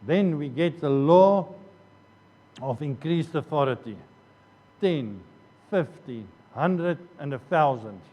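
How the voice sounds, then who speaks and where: A man's voice: on the high side, animated, slow, long pauses, lo-fi sound. Man preaching in an echoing church hall. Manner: earnest, repeats phrases and restarts often. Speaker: pastor. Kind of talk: sermon. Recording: long church hall reverb.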